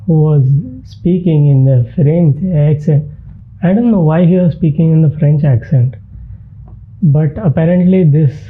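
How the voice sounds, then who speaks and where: A young man with an Indian English accent, telling a sit-down comedy monologue in a deadpan, exaggerating way. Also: fairly high pitch. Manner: deadpan storytelling with absurd exaggeration. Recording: tinny narrow-band sound.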